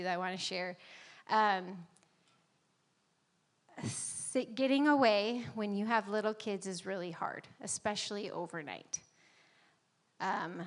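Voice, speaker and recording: Woman, 30s, church speaker; relaxed anecdotal delivery, frequent laughs and fillers. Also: mid-range voice, long reverb tail. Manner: chatty and conversational, laughs often, many fillers. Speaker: guest speaker at a church service. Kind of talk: personal stories in a church message. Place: church sanctuary.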